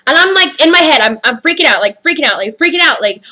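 A woman's voice: a little high, lively intonation, fast, hardly any pauses, pushed and bright, poor audio. A woman vlogger ranting through a storytime with heavy swearing, upset and rattled. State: upset, skin crawling. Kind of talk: storytime rant.

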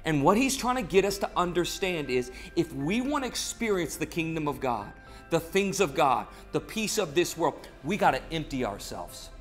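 Male pastor, online devotional, earnest, lively retelling, soft music underneath. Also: on the high side, normal speed. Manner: earnest, conversational, animated retelling of scripture. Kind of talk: short online devotional sermon.

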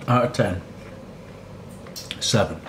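A man's voice: fairly low pitch, slow. A man, chatting casually and wryly as a travel vlogger at a tropical resort. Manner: wry, chatty food-tasting asides. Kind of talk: casual vlog commentary. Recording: background ambience noise.

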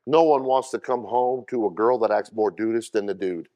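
Emphatic man preaching a sermon. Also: moderate pace. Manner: emphatic preaching with sudden loud high bursts and quieter asides; repeats words and calls out questions to the congregation. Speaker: pastor.

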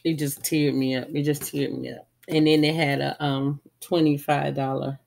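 A woman's voice: deep voice, level tone, moderate pace, creaky, a little mellow. A middle-aged woman, stuffy from a cold, chatting casually and rambling as she shows off her holiday gifts, with frequent ums. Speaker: vlogger. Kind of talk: casual holiday haul chat.

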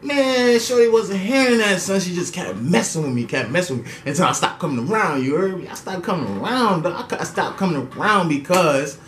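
High-voiced New guy in an echoey room. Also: a little fast, hardly any pauses, a little hiss or hum. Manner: slangy, profane, animated with laughs. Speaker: storytelling vlogger. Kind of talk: casual story time.

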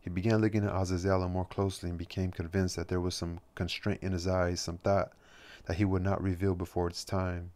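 A man reading a novel aloud as an audiobook narrator, at a measured, steady pace. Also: low voice. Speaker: audiobook reader.

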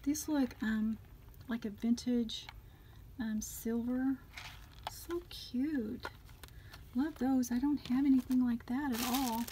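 A woman chatting casually as she unboxes craft gifts on her vlog, gushing with delighted exclamations and often dropping to a soft, near-whispered voice. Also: a little high, steady tone, slow, long pauses, a little hiss or hum, rough recording. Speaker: craft vlogger unboxing a gift swap.

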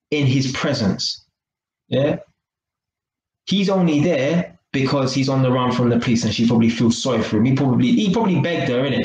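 A man's voice: mid-range voice, reverberant, a little hiss or hum, poor audio. A man giving a casual live-stream talk to his viewers, chatty and full of tag questions. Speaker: vlogger.

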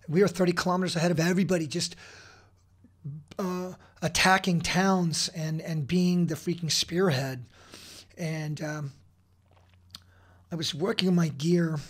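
A blunt, intense man in his forties with a slightly high, somewhat bright voice tells an emotional personal story as a podcast guest. He swears and frequently restarts his sentences.

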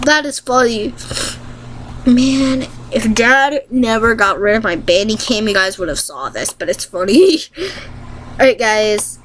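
A woman vlogger chatting casually to viewers while playing a game, reading questions aloud quickly, answering them and laughing often. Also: medium pitch, animated, a little hiss or hum, poor audio.

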